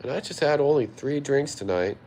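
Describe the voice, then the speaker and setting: A man's voice: medium pitch, animated, brisk, darkish tone, slight background noise. A tipsy man hosting a livestream, reading chat aloud and answering in a rambling way, repeating himself often. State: tipsy after a few drinks.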